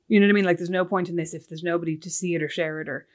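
Woman podcast co-host in her thirties, quick and animated, casual storyteller. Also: on the low side. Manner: animated, tells stories with lots of "like". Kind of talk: casual chat.

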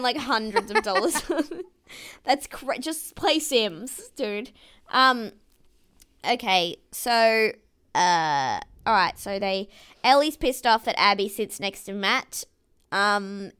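A woman's voice: fairly high pitch, fairly bright tone, clean tone. A woman casually recapping a reality show as a podcast co-host. She laughs often and acts out what people said.

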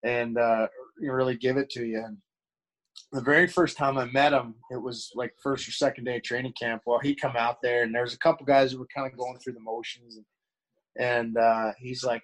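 A man's voice: mid-range voice, steady tone, moderate pace, low-quality recording. A middle-aged man, a former pro hockey player, telling candid stories in a rambling way, full of restarts and fillers. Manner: candid, acts out quoted voices. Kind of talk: casual storytelling.

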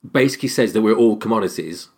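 A man co-hosting a podcast, giving opinions on a film in a halting, stop-start way. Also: lowish voice, husky. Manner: halting, restarts often. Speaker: podcast co-host. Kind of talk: casual film discussion.

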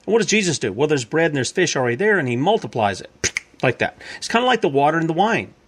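A man's voice: on the high side, big pitch swings, quick pace, fairly bright tone. Man preaching in a chatty, repetitive way. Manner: conversational, repetitive, asks and answers his own questions. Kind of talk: informal Bible-teaching sermon.

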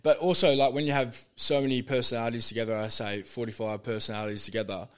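A man's voice: medium pitch, fairly even intonation, fast. A young Australian man chatting as a podcast guest. He tells stories with lots of swearing and bursts of laughter. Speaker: guest, former pro footballer. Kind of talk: casual chat.

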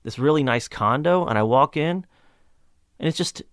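A man's voice: a little high, lively intonation, moderate pace, no room sound, studio quality. A man from Kentucky, a comedian guest telling a story in a casual interview, rambling, swearing and restarting often. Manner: rambling, profane, frequent restarts.

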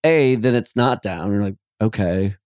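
Brief: male co-host, lively swooping pitch, slow and playful, dry close sound. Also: no echo. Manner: playful, laughing, rambling riffs. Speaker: podcast co-host. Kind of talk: casual chat.

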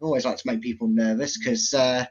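A man's voice: mid-range voice, steady tone, quick pace, husky. A man hosting a casual football podcast, chatty and teasing, often calling people mate. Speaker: podcast host. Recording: slightly dull lo-fi sound.

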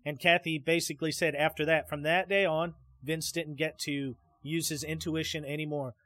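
A man's voice: fairly high pitch, little pitch movement, normal speed, sharp tone. A man hosting a podcast, telling a story in a loose, rambling way with many restarts, and speaking straight to his listeners. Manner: addresses listeners directly. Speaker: podcast host. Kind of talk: casual storytelling.

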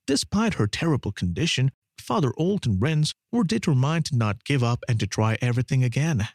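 A man giving a dramatic documentary narration in an expressive, swooping delivery. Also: medium pitch, brisk, no echo, clean studio sound.

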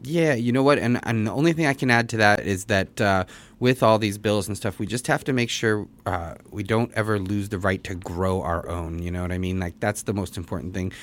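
A deep-voiced man co-hosting a podcast, talking in an easygoing, loose way. He often restarts his words as he goes. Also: a little fast. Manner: laid-back, laughs often, restarts words. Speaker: podcast co-host. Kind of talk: casual chat.

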